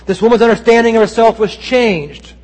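High-voiced male pastor preaching in reverb. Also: a little fast, a little mellow. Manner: earnest storytelling preaching with dramatic quotes. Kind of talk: sermon. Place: church sanctuary. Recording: long church reverb.

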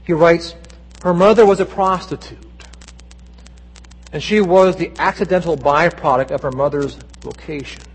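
A man's voice: a little high, moderate pace, husky. A male pastor delivering a Sunday sermon in a church, telling stories earnestly with dramatic voiced quotes. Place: church sanctuary. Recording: long church reverb.

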